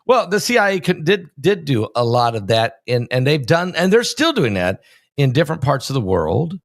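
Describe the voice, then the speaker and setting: A man's voice: medium pitch, big pitch swings, moderate pace, dry recording, studio quality. A man hosting an interview in a conversational, chatty way, asking his guest questions. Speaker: host. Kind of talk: casual interview talk.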